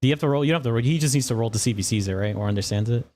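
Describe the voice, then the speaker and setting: A man's voice: medium pitch, rapid-fire, a little mellow. A man narrating as game master of a tabletop game, talking loosely with profanity and frequent laughs.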